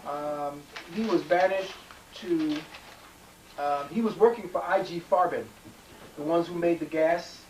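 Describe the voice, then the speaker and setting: Speaking a little slowly in a fairly high, slightly mellow voice, a man addresses a live audience emphatically, wandering off topic, restarting sentences, and using lots of fillers. The distant mic catches room reverb and a faint hiss.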